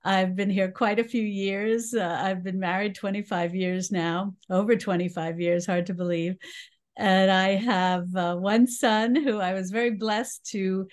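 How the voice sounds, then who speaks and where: A woman's voice: medium pitch, fairly even intonation, a little slow. New york lady in her 60s, chatty interview guest, lots of uhs and laughs. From New York City. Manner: chatty, laughs often, many fillers. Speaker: guest, cooking teacher. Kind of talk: casual interview chat.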